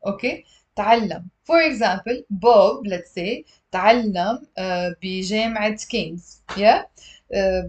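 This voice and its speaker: A woman teaching a live-streamed language lesson, patiently repeating words slowly for her learners. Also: medium pitch. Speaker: Lebanese Arabic teacher. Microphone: livestream camera mic.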